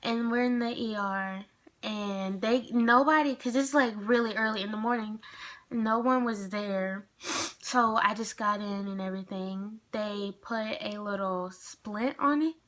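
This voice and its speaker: A woman's voice: medium pitch, unhurried, a bit bright. A young adult woman telling a casual storytime vlog, chatty and rambling with lots of fillers. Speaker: vlogger.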